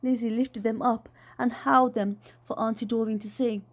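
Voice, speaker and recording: A woman reading a children's book aloud in an expressive, lively way. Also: fairly high pitch, moderate pace. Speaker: storyteller.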